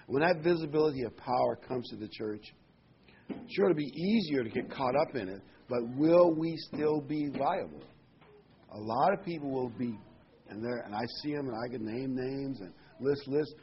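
A man's voice: mid-range voice, expressive, moderate pace, slight background noise. A male preacher delivering a sermon, reading scripture aloud and stressing key phrases by repeating them. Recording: muffled lo-fi recording.

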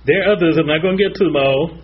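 A man's voice: on the high side, racing. A man preaching, citing scripture references in short phrases. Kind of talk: sermon. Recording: slightly dull with faint noise.

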